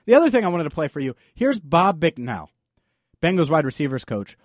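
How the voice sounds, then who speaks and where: A man's voice: a little high, very animated, racing, a little mellow, dry recording, studio quality. A man hosting a sports talk podcast, delivering an emphatic, opinionated monologue full of rhetorical questions. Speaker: podcast host.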